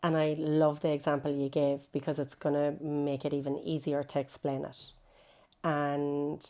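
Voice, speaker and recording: A woman, a psychotherapist guest explaining ideas in an interview, animated and acting out quoted voices. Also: low-pitched, moderate pace.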